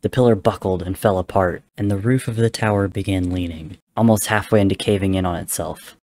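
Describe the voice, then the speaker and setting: A man giving a dramatic reading of a story, narrating in a steady, grave storytelling manner. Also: sits low, fairly quick. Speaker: reader. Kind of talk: dramatic reading of fan fiction.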